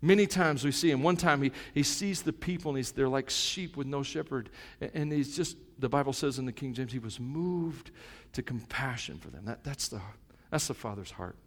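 A middle-aged male pastor preaching a sermon, moving between soft, reflective asides and loud, fervent stretches. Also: medium pitch, moderate pace, few pauses, in a large hall.

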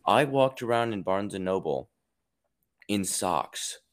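A man with a very low, deep voice hosts a relaxed podcast chat with friends. He rambles through his anecdotes in a loose, easygoing way, with plenty of "like" along the way. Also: takes it slowly. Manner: laid-back, rambling anecdotes full of "like". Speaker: podcast host.

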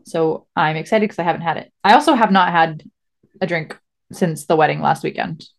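Bubbly woman co-host with a lowish voice. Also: brisk, gravelly. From New England. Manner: bubbly, excitable, rambling. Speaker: podcast co-host. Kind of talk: casual chat.

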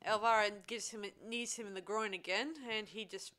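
Female co-host, crisp, bright voice, easygoing plot recap. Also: mid-range voice, steady tone, normal speed. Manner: retells the plot step by step with many ums and "so anyway".

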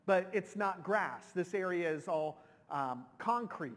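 A middle-aged pastor preaches in a relaxed, conversational way, often restarting his sentences as feeling rises in his voice. His pitch sits a little high for a man. A long reverb hangs after each phrase, as in a big sanctuary. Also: takes it slowly. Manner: emotional, conversational with many restarts. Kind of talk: sermon storytelling.

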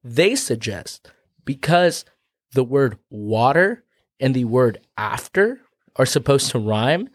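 A man's voice: mid-range voice, very animated, slow pace, no room sound, studio quality. Rambling man co-hosting a chatty podcast. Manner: rambling, profane, explains with asides. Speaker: podcast co-host. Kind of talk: casual chat.

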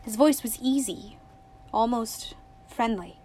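A woman narrating a novel in steady, expressive audiobook style. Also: on the high side, slow pace, husky.

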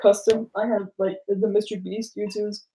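A man's voice: high voice, flat delivery, normal speed, dark tone, breathy edge. A teenage guy from Denmark co-hosting a podcast, chatting loosely, giggling and swearing often. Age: teens. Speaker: podcast co-host. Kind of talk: casual chat.

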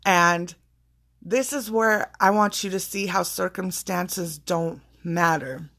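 Woman motivational speaker, gravelly, emphatic and repetitive, blunt profanity. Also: lowish voice, slow pace, a bit bright. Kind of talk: casual spiritual pep talk.

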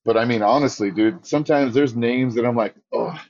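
A man's voice: medium pitch, brisk, a little mellow, muffled recording. A man, a ring announcer, telling stories in a casual interview and acting out his own quotes with a raised voice.

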